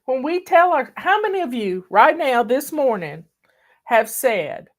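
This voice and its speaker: A woman's voice: high voice, sing-song, unhurried. A woman, hosting a casual live video chat in a folksy, emotional, drawling manner, teary at times. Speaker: host.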